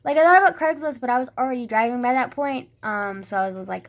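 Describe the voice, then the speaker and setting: A woman's voice: on the high side, a little fast, gravelly, few pauses. A young woman telling a rambling story in a casual vlog, full of "like" and swearing, acting out what people said. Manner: rambling, heavy use of "like", swearing; animated retelling with quoted dialogue.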